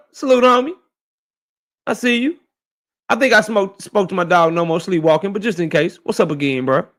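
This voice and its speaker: Slangy high-voiced man greeting viewers. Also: a bit bright. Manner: laid-back, slangy, greets viewers one by one. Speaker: livestream host. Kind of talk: casual live-stream shout-outs.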